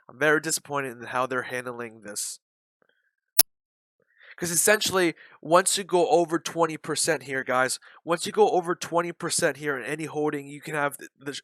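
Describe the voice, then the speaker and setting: A man's voice: on the high side, sharp tone, no room sound. Blunt, frustrated male day-trading streamer. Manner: blunt, repetitive, openly frustrated. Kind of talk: live trading commentary.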